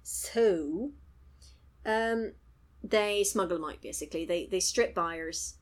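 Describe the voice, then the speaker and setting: A woman with a lowish voice speaks slowly as she co-hosts a podcast, casually going over a TV episode. She laughs a lot and acts out the characters' lines.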